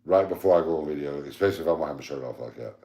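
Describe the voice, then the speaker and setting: A man's voice: very deep voice, rapid-fire, dark tone, reverberant. A man, co-hosting a podcast in a laid-back, joking casual chat. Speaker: podcast co-host.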